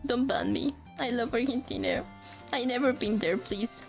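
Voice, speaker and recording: A woman's voice: on the high side, moderate pace, faint music behind. A young woman, a native Spanish speaker with a Latin American Spanish accent, chatting casually on a stream, rambling with lots of fillers and restarts and joking about herself. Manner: rambling, with many fillers and self-corrections; joking and self-deprecating. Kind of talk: casual chat.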